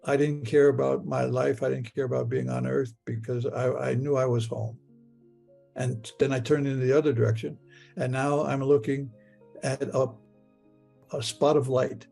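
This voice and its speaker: A man retelling a personal experience in the first person and the present tense, halting and stammering as he repeats his words. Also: mid-range voice, vocal fry, warm tone. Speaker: near-death experience witness.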